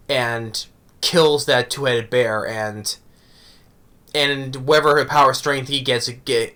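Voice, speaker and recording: Guy with a bright voice going over an anime episode, rambly, keeps saying right?. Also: medium pitch. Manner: rambling, often asking "right?". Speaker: anime reviewer. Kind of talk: casual episode review.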